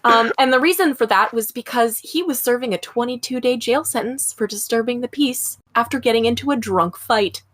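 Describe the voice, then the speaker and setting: A woman's voice: a little high, brisk, few pauses, a bit bright, dry recording. Chatty woman true-crime podcaster. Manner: chatty, profane, laughing asides, many ums. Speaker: podcast host.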